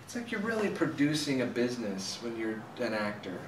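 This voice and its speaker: A man's voice: mid-range voice, sing-song, brisk. A man, an actor and director, chatting eagerly as an interview guest and readily plugging his own work. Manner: eager, self-promoting, chatty. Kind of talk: casual interview chat. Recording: echoey room, mic at a distance, faint ambient noise.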